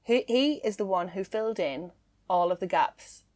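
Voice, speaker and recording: A woman hosting a casual true-crime podcast, chatty and quick to laugh. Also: mid-range voice, lively intonation, a little mellow. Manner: chatty, laughs easily, filler-heavy. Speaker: podcast host.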